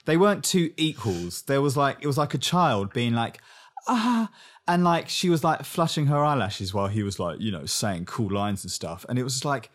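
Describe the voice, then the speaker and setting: A young English man co-hosting a casual podcast chat, animated and fond of mocking other people's lines in funny voices. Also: medium pitch, brisk, hardly any pauses. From England. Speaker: podcast co-host. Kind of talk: casual chat recapping a reality show.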